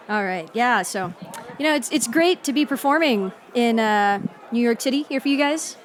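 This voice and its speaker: A woman doing a standup set on a club stage, deadpan and deliberately awkward, faltering through her lines. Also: fairly high pitch, a faint crowd. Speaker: standup comedian.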